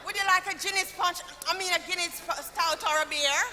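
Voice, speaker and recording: A woman's voice: very high voice, fairly even intonation, brisk, bright, forceful tone, long reverb tail, a faint crowd, slight background noise, heavily acted. An actress playing a flirtatious, giggly middle-aged Jamaican mother in a stage comedy. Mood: flirty. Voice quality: giggling, coy.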